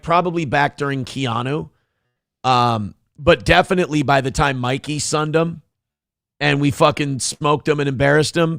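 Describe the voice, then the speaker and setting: Gravelly, animated man ranting on a live show. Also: on the high side, no room sound, clean studio sound. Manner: profane, ranting, sarcastic. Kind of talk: live-stream rant reading chat.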